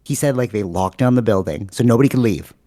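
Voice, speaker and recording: A Canadian man hosting a podcast, telling a story in animated casual chat with lots of fillers. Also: lowish voice, quick pace, no room sound, studio quality. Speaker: podcast host.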